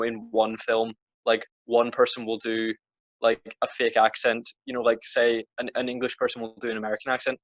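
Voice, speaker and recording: A Northern Irish man chats on a podcast, his talk winding through fillers and restarts. His voice sits at a middling pitch. The sound is dry and a little dull, like a lo-fi home recording. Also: fairly bright tone, dry recording. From Northern Ireland. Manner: rambling, many restarts and fillers. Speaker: podcast co-host. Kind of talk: casual chat.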